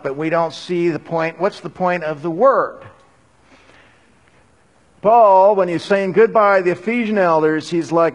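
An older man preaching a sermon to a live congregation in a conversational way, rising into urgent bursts. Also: on the high side. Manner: conversational, animated bursts when urging. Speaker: pastor. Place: church hall before a live audience.

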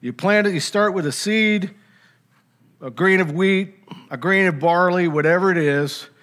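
Man, high voice, preaching a sermon, emphatic, conversational, rhetorical asides. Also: measured pace, a bit bright.

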